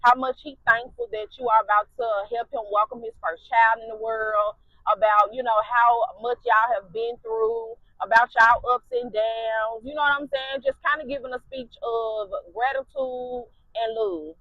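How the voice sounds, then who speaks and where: Woman vlogger, high-pitched and blunt, on a dull-sounding mic. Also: normal speed, no echo. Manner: blunt, profane, animated. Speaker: storytime vlogger. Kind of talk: casual storytelling, second person.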